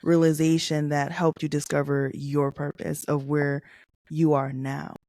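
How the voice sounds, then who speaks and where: Slow, creaky-voiced male host. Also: fairly high pitch, flat delivery, darkish tone. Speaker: podcast host. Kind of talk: interview question.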